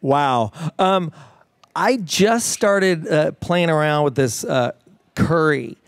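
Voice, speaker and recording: A middle-aged man as the guest in a casual interview, talking with animated enthusiasm and many fillers and restarts. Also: fairly high pitch, takes it slowly, no room sound. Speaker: fitness trainer guest.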